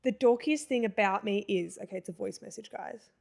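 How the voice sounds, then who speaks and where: A woman's voice: mid-range voice, fairly quick, vocal fry, a little mellow, a little hiss or hum. A young woman co-hosting a podcast in casual chat, playful and teasing, laughing often. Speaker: podcast co-host.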